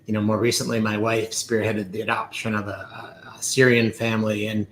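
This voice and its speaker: A man's voice: on the low side, flat delivery, a little fast, fairly bright tone. A middle-aged man hosting a talk show, speaking earnestly and reflectively. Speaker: host. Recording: echoey room, faint ambient noise.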